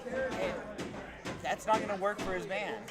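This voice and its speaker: A man calling a wrestling match play by play, excitable and telling stories between the moves. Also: high voice, measured pace, over loud music. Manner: excitable, storytelling. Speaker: wrestling commentator. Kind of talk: play-by-play commentary. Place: wrestling event venue. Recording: loud crowd all around. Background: loud crowd.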